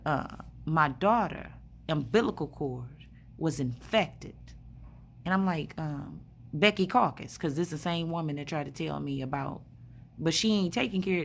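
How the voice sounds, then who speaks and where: A woman's voice: sits low, gravelly, a little hiss or hum. A woman in a hospital room telling a rambling story in a blunt, profane way, full of fillers. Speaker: spiritual vlogger. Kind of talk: casual storytelling monologue.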